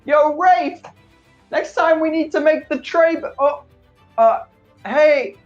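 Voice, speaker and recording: Man putting on a high slangy young half-orc dude. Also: takes it slowly, lo-fi sound, soft background music. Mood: sheepish. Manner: slangy surfer-dude drawl. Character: young male half-orc lad, laid-back and clumsy.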